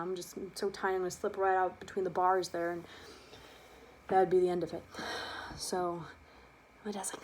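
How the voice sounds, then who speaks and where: A young adult woman telling a personal childhood story, lively and animated, acting out the quotes. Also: fairly low pitch, brisk, slight background noise. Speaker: student storyteller.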